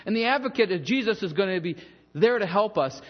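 A pastor preaching a sermon in a church in a conversational, animated way, with asides and bits of humor. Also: male voice, sits high, fairly quick, long reverb tail, highs cut off.

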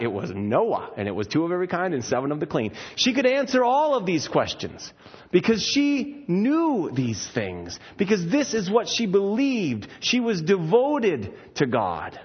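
Male preacher, sermon, husky voice, storytelling asides. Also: high-pitched, lo-fi sound.

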